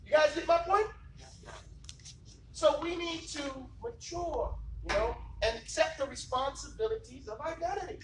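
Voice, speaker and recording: High-voiced man lecturing a class. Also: normal speed. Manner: emphatic, preachy, keeps asking the class rhetorical questions. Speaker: Islamic teacher. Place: classroom, indoors. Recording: echoey room from far off, faint noise.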